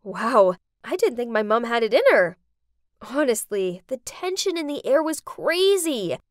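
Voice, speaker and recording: Young female narrator, high-pitched and dramatic, dry read for an animated story. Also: unhurried, no echo. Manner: dramatic, expressive.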